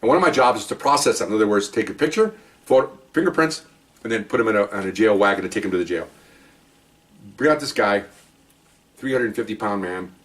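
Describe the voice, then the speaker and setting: Older man telling cop stories fast. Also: fairly low pitch, distant mic. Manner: animated, chuckling, talks in fits and starts. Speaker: retired police officer storyteller. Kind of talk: casual anecdote telling.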